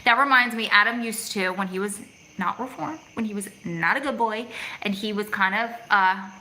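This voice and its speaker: Speaking at a normal speed in a sharp, mid-range voice, a middle-aged vlog host reads out her live chat and replies during a casual phone livestream outdoors in the city at evening. The recording is rough.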